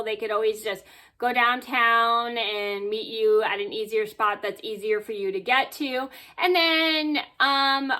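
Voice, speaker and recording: A woman vlogger telling a personal story to camera in a chatty, animated way, with many fillers and "blah blah". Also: fairly high pitch.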